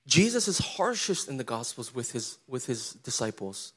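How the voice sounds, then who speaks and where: A man's voice: mid-range voice, sing-song, moderate pace, few pauses, breathy edge. A man preaching a sermon as pastor, in a casual, conversational way with slangy asides, often putting questions to the congregation.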